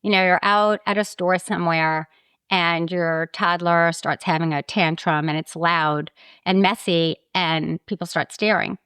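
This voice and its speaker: A woman co-hosting a podcast, her voice a little low and smooth, recorded dry and close. She asks questions in a supportive way, often affirming her guest. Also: fairly even intonation, unhurried, fairly bright tone, no room sound. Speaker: podcast co-host. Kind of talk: interview questions.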